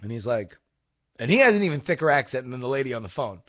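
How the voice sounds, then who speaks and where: A young man hosting a video, telling a casual, rambling story in an exasperated, animated way. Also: medium pitch, quick pace. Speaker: vlog host. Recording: dull lo-fi audio.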